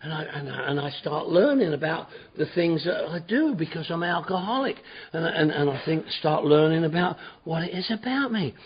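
Guy at a recovery meeting, rambling, stammers a lot, kinda husky, dull lo-fi recording. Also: fairly high pitch, lively intonation, moderate pace, hardly any pauses. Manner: rambling, repetitive, stammering restarts. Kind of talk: personal recovery testimony.

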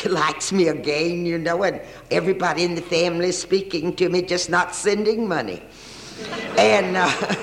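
A woman's voice: on the low side, vocal fry, roomy sound, slight background noise. An older woman, telling her own story at a recovery meeting with wry, self-mocking humor. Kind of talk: personal storytelling talk.

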